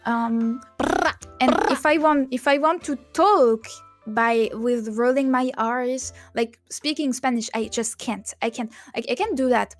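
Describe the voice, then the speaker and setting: A woman's voice: fairly high pitch, a little slow, soft background music. A woman, a guest chatting casually on a stream, playful and giggly as she searches for her words. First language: French. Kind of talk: casual chat.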